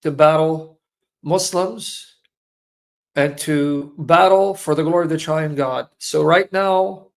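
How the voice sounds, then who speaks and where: Slow, high-voiced man in his fifties. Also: gravelly. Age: 50s. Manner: emphatic, repeats phrases for weight. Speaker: Christian apologist giving a testimony. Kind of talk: emotional personal testimony.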